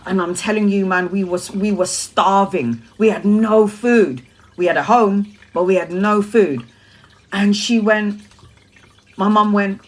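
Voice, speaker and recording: A woman's voice: mid-range voice, measured pace. Chatty woman tarot reader, frequent laughs. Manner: chatty, laughs often, swears casually. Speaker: tarot reader on a live stream. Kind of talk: casual chat to live viewers.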